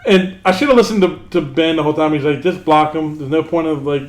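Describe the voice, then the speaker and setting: Profane, animated young man, echoey room. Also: a little high, quick pace. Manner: profane, animated storyteller quoting others. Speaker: podcast co-host. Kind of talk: casual storytelling chat.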